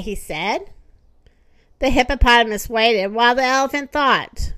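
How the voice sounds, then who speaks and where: Storyteller, woman, high and musical, slow, dry close sound. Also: dry recording. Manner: gentle, expressive read-aloud delivery. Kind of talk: storybook read-aloud.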